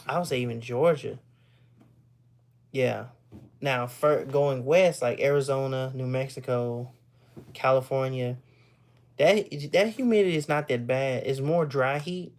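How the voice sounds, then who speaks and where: Chatting with live-stream viewers, a Texan speaks in a slightly mellow, mid-range voice. He's loose and meandering, doubling up on words and laughing a lot.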